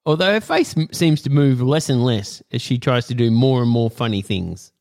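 A man's voice: medium pitch, animated, gravelly, a little mellow. A man co-hosting a podcast, bantering casually and teasing his co-host on a headset mic. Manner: teasing, playful, quick to laugh.

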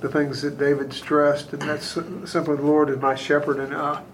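A man's voice: on the high side, monotone, normal speed, a little hiss or hum, low-quality recording. A man in a Bible study group sharing thoughts in a hesitant way, with many fillers. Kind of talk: casual Bible discussion.

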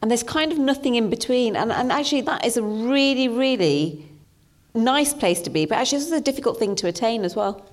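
A woman's voice: on the high side, animated, fairly quick. A woman from the West Midlands of England, a broadcaster hosting a conversational interview and asking thoughtful, probing questions.

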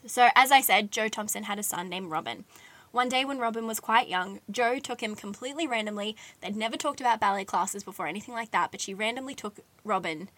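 A woman's voice: medium pitch, a little fast, fairly bright tone, no room sound. A young woman, casually telling a true-crime story on a podcast, chatty with lots of "like"s and giggly asides. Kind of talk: casual chat.

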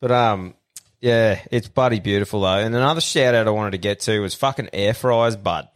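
A man's voice: on the low side, normal speed. A young Australian man hosting a podcast, telling sweary, laddish stories in casual chat. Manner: laddish, sweary, laughing storyteller. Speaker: podcast host.

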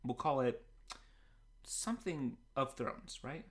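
A man's voice: mid-range voice, sing-song, takes it slowly. A man co-hosting a podcast in casual banter, making wry, dry jokes and laughing often. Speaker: podcast co-host.

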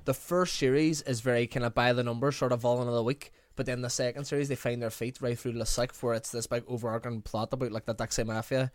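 A man talking films in a quick, rattling run, swearing freely and breaking into laughs as he rambles. His voice sits mid-range and sounds close and dry, with no room around it. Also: mid-range voice, fairly even intonation, dry recording. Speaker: podcast co-host. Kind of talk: casual chat.

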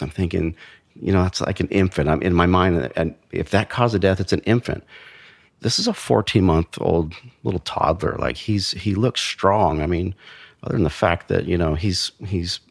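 A man, a former investigator, recounting a death case in a measured, blunt way with frequent restarts. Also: deep voice, gravelly, no room sound. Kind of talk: true crime storytelling.

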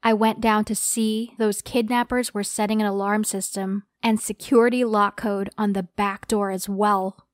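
A woman's voice: medium pitch, level tone, normal speed, no room sound, studio quality. A woman narrating a dramatic first-person story in an earnest, dramatic telling.

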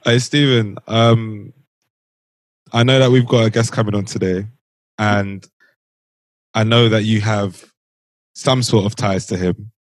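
A man's voice: on the low side, fairly even intonation, unhurried, pauses often, no room sound, low-quality recording. A man co-hosting a podcast, asking the guest questions in teasing, casual banter. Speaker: podcast co-host. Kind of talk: casual chat.

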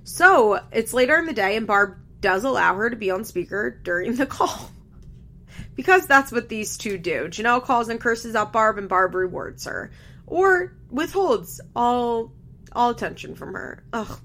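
A woman's voice: medium pitch, lively intonation, a little slow, gravelly, bright, forceful tone. A young woman chatting casually as she recaps a reality show, candid, laughing often and swearing freely. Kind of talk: casual chat.

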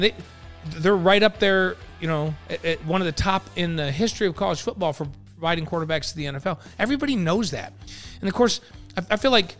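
A man's voice: fairly high pitch, a bit bright. A man from New York co-hosting a casual sports podcast, talking in a loose way full of restarts and repeated words. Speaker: podcast co-host.

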